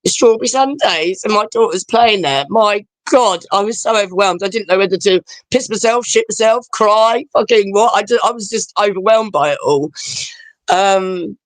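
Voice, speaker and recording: A woman's voice: medium pitch, moderate pace, dry recording. A woman, chatting over a video call as a guest, rambling and emotional with many fillers.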